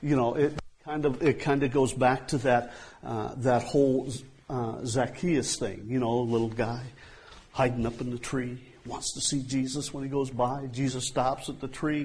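A man's voice: medium pitch, moderate pace, darkish tone, husky. A man preaching a sermon in a conversational way, often repeating himself and saying "you know.".

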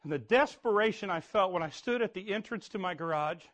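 A middle-aged man preaching, telling a story in an animated way with sudden shouts and frequent restarts. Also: high voice, a little fast, hardly any pauses. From Indiana. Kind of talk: sermon storytelling.

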